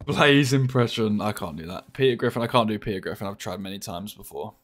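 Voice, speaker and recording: A young man, chatting casually and joking while playing a game, often swearing and getting excited. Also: lowish voice, brisk. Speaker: gaming streamer.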